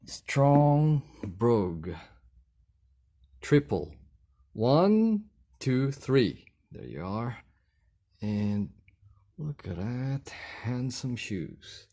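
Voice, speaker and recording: A man talking casually while unboxing and trying on a product, unhurried and halting, with pauses and fillers. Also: mid-range voice, expressive, dark tone. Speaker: vlogger unboxing shoes.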